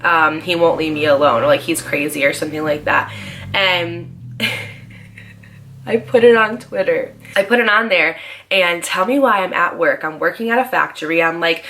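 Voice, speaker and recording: A woman's voice: fairly low pitch, a bit bright, a little hiss or hum. A young woman in her twenties telling a storytime vlog, chatty and full of "like" fillers. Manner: chatty, fast, heavy use of "like". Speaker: vlogger. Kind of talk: casual storytime.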